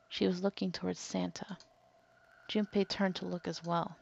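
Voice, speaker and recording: A woman hosting a let's play, reading the game's text aloud in a measured way with lively asides, on a dull, dry recording. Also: lowish voice, gravelly, no room sound.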